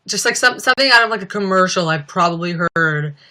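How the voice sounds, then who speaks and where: A woman's voice: mid-range voice, animated, fast, bright, forceful tone. A young woman chatting casually on a livestream from home, giggling a lot and rambling with plenty of "like". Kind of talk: casual live-stream chat.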